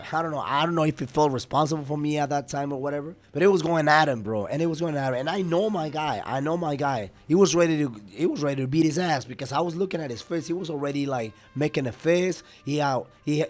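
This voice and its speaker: Brief: young man, rambling profane storyteller, slightly higher voice, laid-back delivery. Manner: rambling, profane, laughs between lines. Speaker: welder telling a work story. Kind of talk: casual storytelling to camera.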